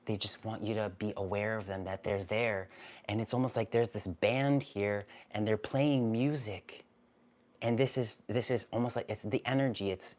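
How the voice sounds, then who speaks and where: A man hosting a live-streamed card reading, talking gently and soothingly, often repeating himself. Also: on the low side. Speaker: spiritual card reader, live stream host.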